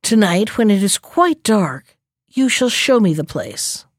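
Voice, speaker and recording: A woman's voice: medium pitch, sing-song, a little slow, dry recording, studio quality. A woman doing a polite shrewd hedgehog. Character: patient, quietly shrewd male hedgehog.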